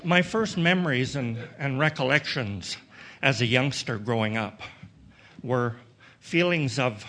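A middle-aged man from Western Canada tells his personal recovery story to an audience in a reflective, halting way, often restarting his sentences and adding dry humor. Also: mid-range voice, sharp tone. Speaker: recovery meeting speaker.

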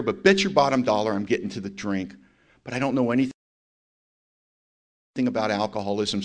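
A man speaking at a recovery meeting, telling his story in a blunt, emphatic and self-mocking way. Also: mid-range voice. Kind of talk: personal testimony talk.

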